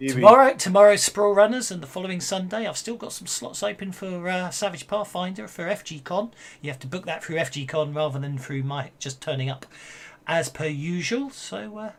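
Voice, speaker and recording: A man wrapping up a tabletop game session as game master, talking in halting bursts full of fillers and restarts. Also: high-pitched.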